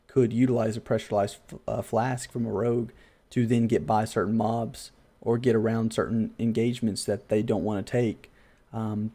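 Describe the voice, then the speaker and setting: Low, mellow-voiced man rambling about games. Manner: thinks aloud, self-deprecating, loose and rambling. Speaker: podcast host. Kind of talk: casual gaming podcast chat.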